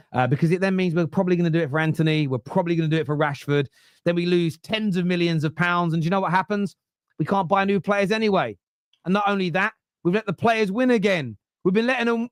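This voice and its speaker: A man's voice: sits high, no echo, studio quality. A man hosting a football podcast, ranting in an exasperated, sweary way about his club. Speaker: podcast host. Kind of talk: heated football fan rant.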